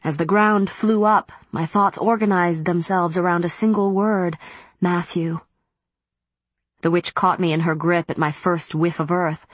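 A woman reading a first-person story aloud as an audiobook narrator, in a measured, steady way. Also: lowish voice, dry recording.

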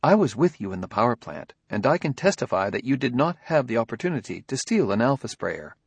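A man voicing a calm, formal humanoid robot. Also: mid-range voice, brisk, creaky, husky, dry recording, full character voice. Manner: even, formal, precise speech. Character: calm, logical male humanoid robot detective partner. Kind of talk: audiobook dialogue reading.

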